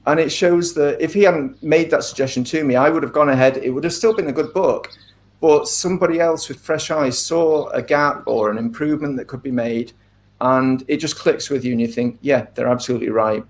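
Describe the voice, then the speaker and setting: A middle-aged man, an author being interviewed, talking in a thoughtful, measured way with frequent ums and asides. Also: fairly high pitch. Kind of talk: casual interview talk.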